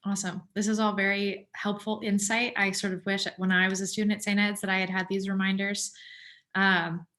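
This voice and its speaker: A woman's voice: mid-range voice, a bit bright. A woman from admissions hosting a webinar over a video call, friendly and upbeat. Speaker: admissions host.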